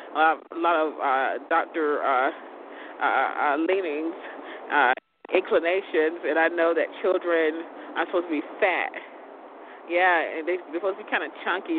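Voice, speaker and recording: A woman rambling through a casual monologue, repeating words and restarting her sentences often. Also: on the low side. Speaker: show host. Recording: tinny phone-like audio with loud background noise.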